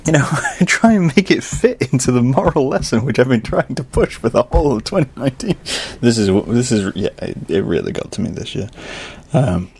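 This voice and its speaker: A young man hosting a podcast, ranting casually and swinging from low muttering to loud exasperated outbursts. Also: very animated, brisk, gravelly, slight background noise. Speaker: podcast host.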